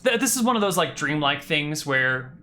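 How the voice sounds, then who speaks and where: A game master narrating a tabletop role-playing game, casual and quick, with fillers and asides. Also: medium pitch, big pitch swings, sharp tone.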